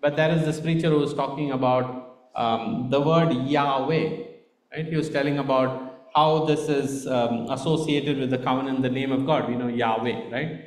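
A man's voice: medium pitch, fairly even intonation, moderate pace, roomy sound. A man with an Indian accent giving a conversational sermon, often checking in with "right?". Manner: conversational, frequent "right?" tags. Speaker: preacher.

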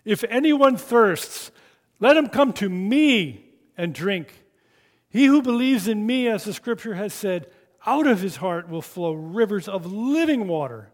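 A man's voice: high-pitched, big pitch swings, moderate pace, a little mellow, voice pushed up. A man acting out a figure who cries out urgently to a crowd, in a reverberant hall. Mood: proclaiming. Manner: proclaiming, urgent. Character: a man crying out loud, calling a crowd to him.

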